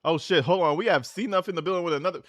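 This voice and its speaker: A man's voice: high voice, rapid-fire, a bit bright, no room sound, clean studio sound. A man hosting a livestream, reacting to a clip with profane, slangy, mocking rants. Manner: slangy, casual. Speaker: livestream host.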